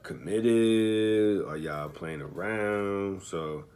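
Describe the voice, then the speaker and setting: A low-voiced man chats through his reactions in a relaxed, slangy way. He muses out loud and takes back his own words. A faint hiss sits under his voice. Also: drawn-out words. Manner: laid-back, slangy, thinking aloud and correcting himself. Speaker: commentator reacting to a dating show. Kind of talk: casual reaction commentary.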